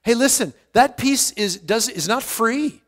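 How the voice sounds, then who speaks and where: High-voiced earnest male pastor. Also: animated, a little slow, a bit bright, big-room sound. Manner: earnest, repeats and restarts words, stresses key phrases. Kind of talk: verse-by-verse Bible teaching.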